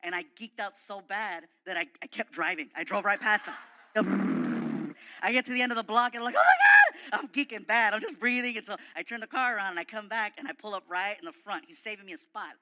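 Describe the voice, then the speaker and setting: A man telling a comic story as a guest comedian, animated, excitable and self-mocking. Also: high voice, a little fast, very noisy.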